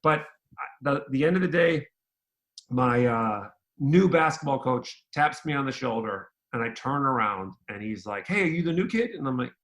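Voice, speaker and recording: A man's voice: medium pitch, measured pace. A middle-aged man who grew up between Ireland and the United States, telling stories in a casual interview and acting out the voices of people in them. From Ireland, raised in the United States. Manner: animated storyteller who acts out quoted voices. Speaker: interview guest, former pro basketball player.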